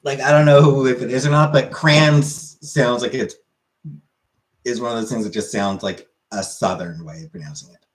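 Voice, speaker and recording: A man's voice: mid-range voice, normal speed. A young man streaming and chatting casually with his viewers, rambling along with lots of fillers. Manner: relaxed, rambling with many fillers.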